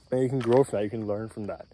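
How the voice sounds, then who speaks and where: A man vlogging outdoors in casual self-improvement talk, a little out of breath, rambling and clearing his throat, often tagging "right?". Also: mid-range voice, warm tone. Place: outdoors in nature, mosquitoes around. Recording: faint outdoor noise with insects.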